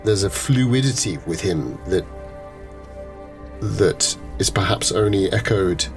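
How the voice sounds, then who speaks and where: A man's voice: low-pitched, lively intonation, slow pace, over music. A man running a tabletop horror game as game master, narrating in a musing, hesitant way. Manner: musing, hesitant, many restarts.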